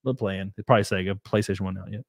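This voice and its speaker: Young adult male podcast guest, low-ish voice, dry close mic, profane rambling storyteller. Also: fairly even intonation, racing, no echo. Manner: rambling, profane, laughs often. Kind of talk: casual storytelling.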